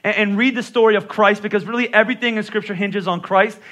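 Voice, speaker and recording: Bright-voiced pastor with a Northeastern accent. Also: male voice, high voice, fairly even intonation, fast. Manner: conversational and joking, with playful voice impressions. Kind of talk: sermon.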